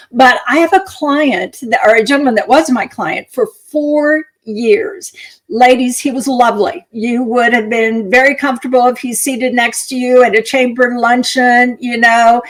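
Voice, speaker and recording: A middle-aged woman from North Texas giving a talk on marketing, telling stories and acting out the voices of people in them. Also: a little high. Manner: animated storyteller, acting out quoted voices. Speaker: keynote speaker on marketing. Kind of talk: storytelling talk to a live audience.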